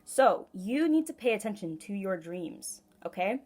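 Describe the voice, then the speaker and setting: A woman's voice: mid-range voice, big pitch swings, measured pace, a little mellow, soft background music. A woman giving a casual tarot reading at home, chatty and giggly, talking straight to her viewers. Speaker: tarot reader. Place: home room.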